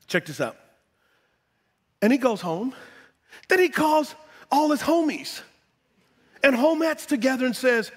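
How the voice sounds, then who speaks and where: A male pastor preaching a sermon with great energy, repeating words for emphasis and swinging between loud exclamations and hushed tones. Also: extremely high pitch, expressive, measured pace, long pauses, breathy edge, big-room sound.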